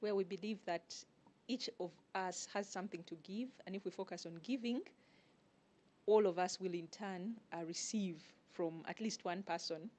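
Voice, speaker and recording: A woman, a guest organizer answering interview questions in a measured, explanatory way with frequent pauses. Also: medium pitch, a little mellow. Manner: measured, explanatory, pauses often to find words. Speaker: guest, networking group organizer.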